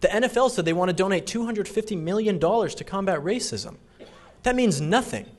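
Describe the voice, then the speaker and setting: A man's voice: high voice, expressive, brisk. Emphatic man giving a speech. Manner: emphatic, repetitive. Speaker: political speaker. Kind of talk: fundraiser speech.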